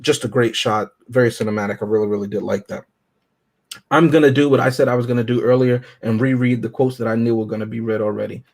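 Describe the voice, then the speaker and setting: A man's voice: medium pitch, steady tone, fast talker, gravelly, a little mellow, low-quality recording. A man on a movie review panel, talking enthusiastically in casual podcast chat, often checking in with "right?". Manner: enthusiastic, often asks "right?" and "you know what I mean?".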